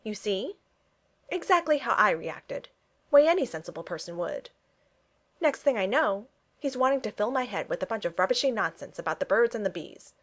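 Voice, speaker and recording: A good-natured young Regency gentleman, blunt and clipped, as a woman narrator puts him on. His phrases bounce up and down with lively pitch. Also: moderate pace. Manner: clipped speech, dropped pronouns.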